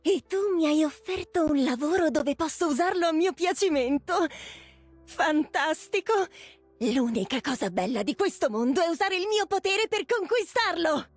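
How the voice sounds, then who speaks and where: A woman's voice: extremely high pitch, animated, normal speed, dry recording, faint music behind. An actress playing a power-hungry female mercenary in game voice lines, playful and menacing. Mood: gloating. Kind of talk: Italian game voice line.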